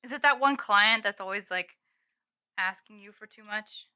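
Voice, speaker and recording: A woman's voice: medium pitch, normal speed, bright, forceful tone, clean tone. A woman chatting casually on a live stream from her room at home, giggling and swearing now and then while she snacks. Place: home room with green screen.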